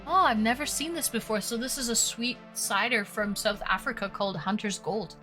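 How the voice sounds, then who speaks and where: A woman's voice: on the high side, brisk, bright, forceful tone, faint music behind. A woman hosting a live stream, chatting playfully and teasing her chat. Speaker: streamer hosting online dates.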